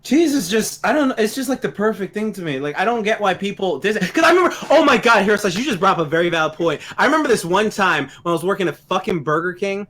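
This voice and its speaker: A young man co-hosting a casual podcast, telling stories in a profane, animated, ranting way. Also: high voice, quick pace, hardly any pauses. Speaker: podcast co-host.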